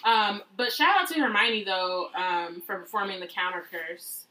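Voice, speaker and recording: Bright-voiced chatty woman. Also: mid-range voice, normal speed, poor audio. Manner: chatty, sarcastic, laughs often. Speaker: podcast co-host. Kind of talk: casual chat.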